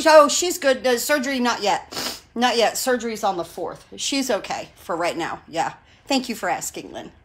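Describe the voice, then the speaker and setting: Chatty woman in her sixties, live-streaming. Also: medium pitch. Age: 60s. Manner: chatty and digressive, greets viewers by name; gushing and enthusiastic. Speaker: craft demonstrator hosting a live stream. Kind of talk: casual live-stream chat.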